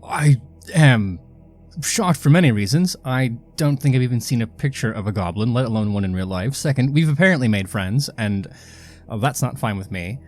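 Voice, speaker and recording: A man's voice: medium pitch, animated, moderate pace, a little mellow, soft background music. Plain-voiced man playing a tabletop game. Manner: matter-of-fact, thinking aloud. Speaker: player.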